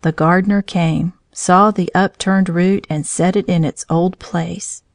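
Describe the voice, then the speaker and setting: A woman reading a children's story aloud, in a gentle, clear storytelling manner. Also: lowish voice, steady tone, unhurried, no echo.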